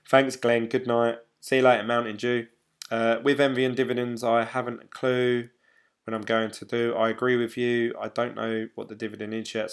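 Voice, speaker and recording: Chatty man on a livestream. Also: mid-range voice. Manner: rambling, chatty, loose and informal. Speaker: crypto livestream host. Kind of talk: casual livestream chat reading viewer comments.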